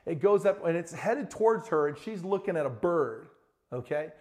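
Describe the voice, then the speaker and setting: Man, middle-aged, pastor, sermon, slightly high voice, animated storytelling. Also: normal speed. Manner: storytelling, animated, rises to excited shouting in anecdotes.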